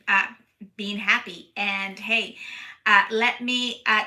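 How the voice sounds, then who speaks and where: Middle-aged woman, craft live-stream host, bubbly and chatty with her viewers; high-ish, very bright tone. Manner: bubbly, greets viewers by name. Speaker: paper crafting livestream host. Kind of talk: casual live-stream chat. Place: craft room at home.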